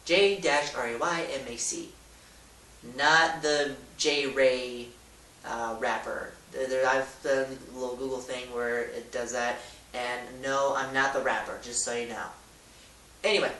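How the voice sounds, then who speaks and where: A bright-voiced man rambles goofily through a casual how-to vlog, bursting into loud demonstrations. He sits back from the mic in an echoey room, with a faint hiss underneath. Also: medium pitch, steady tone, measured pace, far from the mic. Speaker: YouTuber.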